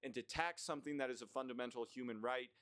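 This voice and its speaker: A man's voice: medium pitch, fast, a bit bright, clean tone, no echo. A young man from the United States ranting through a list of dislikes in a blunt, profane, rambling way, with plenty of fillers. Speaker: vlogger.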